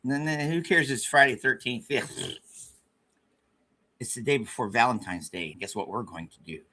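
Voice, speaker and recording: A man's voice: mid-range voice, moderate pace, pushed and bright. A man hosting a casual livestream, rambling and joking at his own expense with frequent stammered restarts. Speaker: livestream host.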